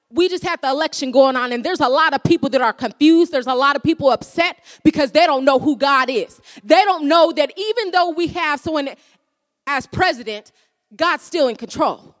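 A woman's voice: high-pitched, moderate pace. A woman preaching a sermon, earnest and repeating phrases for emphasis. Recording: long hall reverb.

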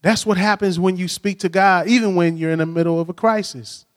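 Male pastor, high voice, chatty storytelling sermon, reverberant church sound. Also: fairly even intonation, brisk. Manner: storytelling, frequent "right?" tag questions. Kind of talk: conversational sermon. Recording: long hall reverb.

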